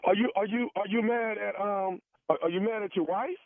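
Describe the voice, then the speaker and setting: A man's voice: high voice, fairly quick. A man on a radio prank call, playing a flustered parking manager who stammers and pleads. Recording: tinny phone line.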